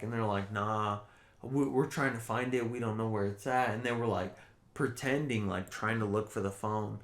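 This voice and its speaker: A man's voice: fairly low pitch, steady tone, normal speed, a bit bright. A man co-hosting a podcast, telling a long story in casual, profane chat. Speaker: podcast co-host. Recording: roomy echo.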